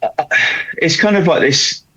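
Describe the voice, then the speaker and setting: A man's voice: a little high, animated, measured pace, sharp tone, husky, rough recording. A man guesting on a podcast, telling his story in a rambling way with many restarts and fillers, and chuckling as he goes. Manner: chuckles while recounting. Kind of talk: candid storytelling chat.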